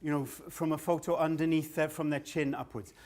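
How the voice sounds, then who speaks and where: A stand-up comedian telling a long rambling story at a live show, swearing freely and often laughing at himself. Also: male voice, fairly high pitch, flat delivery, fairly quick, a little mellow.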